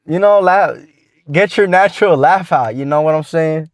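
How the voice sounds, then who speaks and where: A man's voice: fairly high pitch, measured pace, dry recording, clean studio sound. A man giving casual dating advice to the camera, talking in slang and swearing freely as he rambles along with restarts.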